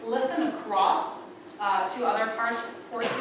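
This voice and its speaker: Over loud music, a woman with a fairly high voice runs a choir rehearsal at a brisk pace, chatty and cheerful, singing syllables to show how the passage goes. Recorded from far off by a camera in the large rehearsal hall, the sound is echoey.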